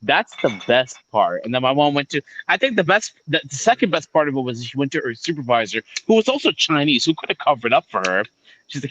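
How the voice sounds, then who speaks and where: Male streamer guest, bright and animated, swearing storyteller. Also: medium pitch, fairly quick, slight background noise, low-quality recording. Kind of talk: casual chat.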